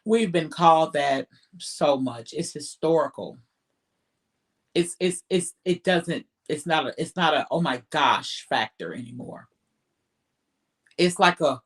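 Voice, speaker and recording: A man's voice: on the high side, a little slow, pauses often. A man co-hosting a casual live stream, talking bluntly and emphatically with heavy profanity.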